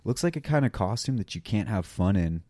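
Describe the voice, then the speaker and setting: A man with a low, dark voice hosts a casual podcast, joking and playful. He hypes each segment with easy enthusiasm. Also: animated, brisk, no echo, clean studio sound. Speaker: podcast co-host. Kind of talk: casual chat.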